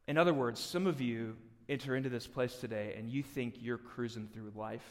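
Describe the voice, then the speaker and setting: A man preaching a live sermon as pastor, joking and animated, swinging from loud emphasis to hushed near-whispers. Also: mid-range voice, moderate pace, hardly any pauses. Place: church hall. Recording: long hall reverb.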